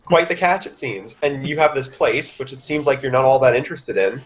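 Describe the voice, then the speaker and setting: A man's voice: mid-range voice, expressive, a little fast, low-quality recording. Blunt man playing a tabletop game. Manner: casual, blunt, rambling. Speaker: player. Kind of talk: tabletop role-play, in character.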